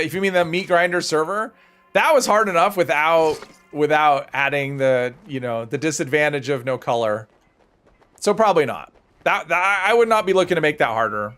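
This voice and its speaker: A man's voice: fairly high pitch, fairly bright tone. A man streaming a game live, chatting casually while he plays and rambling through viewer comments with self-deprecating humor. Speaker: gaming livestreamer.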